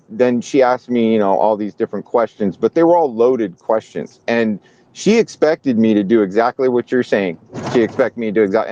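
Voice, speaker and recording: A man in casual chat, telling a story with lively, acted-out voices for the people he quotes. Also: lowish voice. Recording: dull lo-fi sound.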